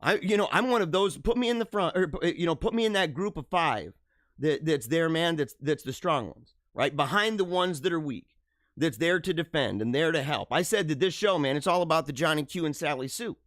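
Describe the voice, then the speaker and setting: Man, live show host, casual chat, laughs a lot, slangy, lively swinging pitch, dry close sound. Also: a little fast, dry recording. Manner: animated, laughing, slangy ("dude", "bro", "man").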